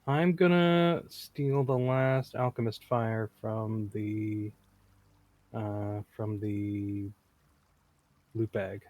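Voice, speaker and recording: A man's voice: lowish voice, steady tone, drawn-out words, a little mellow, no room sound. A man playing a tabletop game, chatting casually with joking, easygoing remarks and hesitant fillers. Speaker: player.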